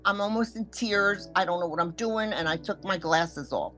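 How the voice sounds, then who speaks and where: A woman's voice: fairly low pitch, moderate pace. Older woman retelling a scam, music under. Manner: vivid, acts out quoted voices, shifts between hushed and loud. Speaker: scam victim telling her story. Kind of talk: emotional first-person storytelling.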